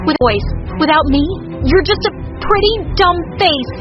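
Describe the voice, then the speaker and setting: A woman voicing a spoiled, vicious teenage girl star who sneers and turns shrill when enraged, in a storytime animation. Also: expressive, measured pace. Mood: scornful. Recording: muffled, lo-fi, with music.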